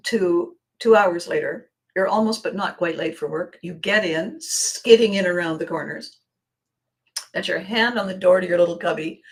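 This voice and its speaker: A woman hosting a solo podcast, telling playful, animated stories and sometimes dropping to a near whisper for emphasis. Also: mid-range voice. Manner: playful, animated storytelling with voiced asides. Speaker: podcast host.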